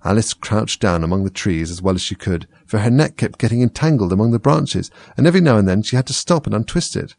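A man reading a storybook aloud in a measured, expressive way. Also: fairly low pitch, gravelly, no room sound. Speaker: reader.

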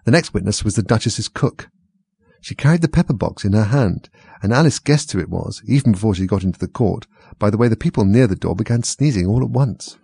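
A male audiobook narrator with a lowish, gravelly voice and a husky edge. He reads steadily and evenly, recorded dry and close. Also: animated, fairly quick, mellow, no room sound. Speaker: audiobook reader. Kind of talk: scripted narration.

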